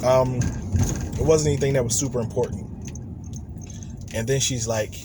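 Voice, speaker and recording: A man's voice: mid-range voice, steady tone, moderate pace, long pauses, background noise. A man vlogging relationship advice in an earnest, rambling, conversational way. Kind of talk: casual direct-to-camera talk.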